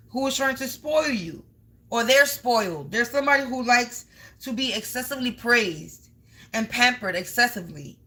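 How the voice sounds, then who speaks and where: A woman's voice: high-pitched, bright, forceful tone, rough recording. A woman giving a live spiritual card reading to viewers. She talks emphatically, stacks up strings of synonyms and swears casually.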